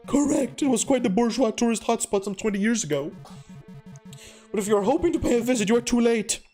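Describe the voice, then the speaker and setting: A man's voice: very high voice, expressive, fast talker, dark tone, soft background music, voice pushed up. A man voicing a haughty, condescending male bird librarian who talks down in a mock-French manner. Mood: lecturing. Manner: pompous, scornful, mock-French.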